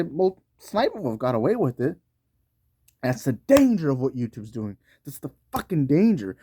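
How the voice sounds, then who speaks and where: Man, heated commentary rant, profane, slangy, higher pitch. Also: dark tone. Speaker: YouTube commentator.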